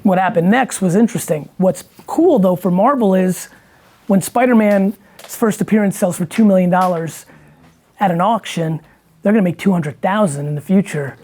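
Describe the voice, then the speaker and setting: A man's voice: high-pitched, normal speed, a little mellow. A man in casual conversation, talking bluntly and emphatically with lots of swearing. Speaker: guest entrepreneur.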